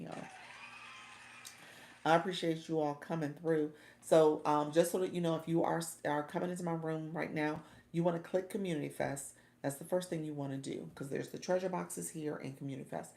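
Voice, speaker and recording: Low, gravelly woman streaming from home. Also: dark tone, reverberant. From Orlando, Florida. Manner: chatty, laughs often, calls viewers y'all. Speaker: livestream host and coach. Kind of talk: casual livestream chat.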